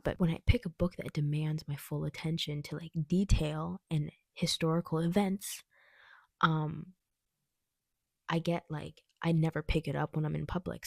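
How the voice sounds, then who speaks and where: Her voice sits low and creaky as this young adult book vlogger reviews what she's read, chatting from indoors at home with frequent laughter and tangents. The sound is dry and studio quality.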